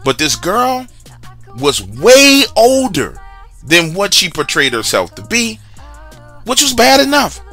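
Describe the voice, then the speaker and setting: A man's voice: high-pitched, huge pitch swings, slow, sharp tone, soft background music. A man casually telling a personal story, chatty and slangy, with asides to the listener. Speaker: storyteller sharing a true story.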